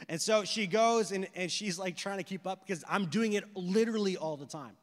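A man preaching a sermon with animated storytelling and rhetorical questions. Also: high-pitched, brisk, few pauses, big-room sound. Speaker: pastor.

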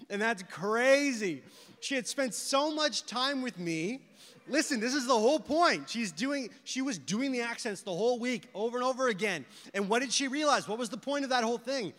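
A preacher man with a high, bright voice, delivering a sermon. He tells animated stories and fires off rhetorical questions. A long reverb fills the hall around him. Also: normal speed. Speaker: pastor.

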